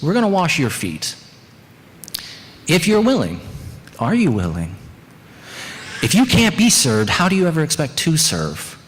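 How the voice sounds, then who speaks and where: A man preaching a sermon as pastor of a small church, earnest and candid with joking asides. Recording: long church reverb, faint rumble.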